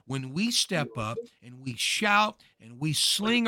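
A man speaking as a guest minister, preaching with fervor and building to emphatic shouts. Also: on the high side, animated, normal speed, few pauses, no room sound, studio quality. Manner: emphatic, rises to shouting peaks. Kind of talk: fervent preaching talk.

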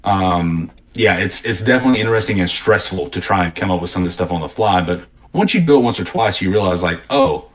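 A man's voice: sits low, fast, hardly any pauses. A man in casual conversation, animatedly telling stories and acting out what people said. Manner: animated storyteller, acting out quotes. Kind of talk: casual conversation about tabletop games.

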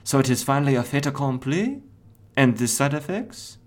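Man doing a defiant French woman villain, put-on French accent, pitched way up, comic-book recap. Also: expressive, normal speed, close to an everyday voice.

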